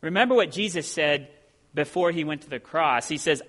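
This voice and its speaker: A middle-aged man preaches a sermon in an earnest, emphatic way. His voice sits a little on the high side, and it climbs when he stresses a point. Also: animated, moderate pace, a bit bright. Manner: earnest preaching, rising emphasis on key phrases. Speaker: pastor.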